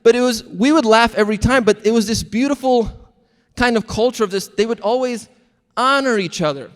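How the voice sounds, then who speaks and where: A man with a high, lifted voice preaches a sermon as a pastor. He tells stories and acts out the lines he quotes with lively energy, and his words ring out in a long hall reverb. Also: a little fast. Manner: animated storytelling, acting out quotes. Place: large church hall.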